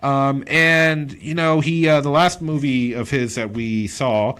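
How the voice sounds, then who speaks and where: A man's voice: medium pitch, fairly even intonation, unhurried, a bit bright, smooth. A man hosting a casual movie podcast as a comedian, loose and chatty, laughing often. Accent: Pittsburgh.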